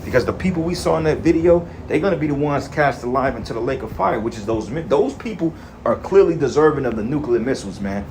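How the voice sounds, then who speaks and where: A man's voice: mid-range voice, expressive, fast, hardly any pauses, noisy background. A man preaching in an angry, profane rant, reading scripture verses and then commenting on them. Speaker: street preacher.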